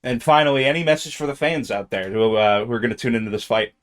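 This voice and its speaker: Earnest male interviewer, eager and halting. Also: medium pitch, fairly even intonation. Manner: earnest, eager, stumbling restarts. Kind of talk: interview questions.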